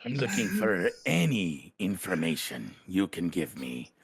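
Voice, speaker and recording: A blunt, businesslike dwarf adventurer, played by a man speaks in a husky, deep voice. He talks slowly and deliberately and drops in folksy words like aye and laddie. His pitch swings widely. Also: sing-song, exaggerated voice. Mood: gruff.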